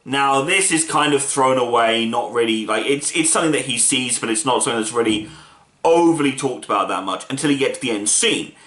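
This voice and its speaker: A man's voice: medium pitch, brisk, a bit bright. A man casually reviewing a film, retelling the plot with enthusiastic, rambling energy. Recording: roomy echo.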